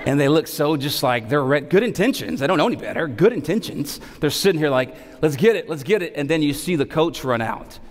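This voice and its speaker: A man in his thirties, a pastor preaching a sermon, animated and repeating key phrases for emphasis between humorous stories. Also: a little high, fairly quick, hardly any pauses. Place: church sanctuary. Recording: long hall reverb.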